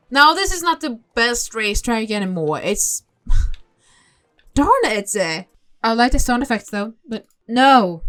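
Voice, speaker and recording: A young woman talks through a game session in casual commentary. She reacts out loud with quick exclamations and thinks aloud as she plays. Her voice sits fairly high. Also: sing-song. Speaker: gaming channel host.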